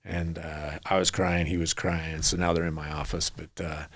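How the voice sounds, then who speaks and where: Low gravelly man telling stories. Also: little pitch movement, moderate pace, a bit bright. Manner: earnest, rambling anecdotes with acted quotes. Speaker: guest. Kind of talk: storytelling in a podcast interview.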